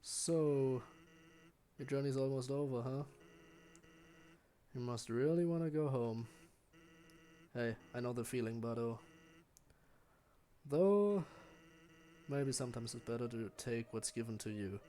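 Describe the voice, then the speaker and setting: A man's voice: medium pitch, dark tone, close to an everyday voice. A man putting on Sans, a chill skeleton joker. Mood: laid-back. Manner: chill, drawling and unhurried. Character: laid-back joking male skeleton sentry. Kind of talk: reading game dialogue aloud.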